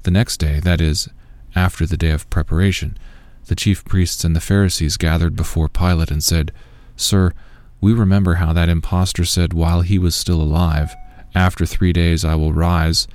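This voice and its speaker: A man reading a long scripture passage aloud in a measured, solemn way. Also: low voice, little pitch movement, darkish tone, no echo. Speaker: scripture reader.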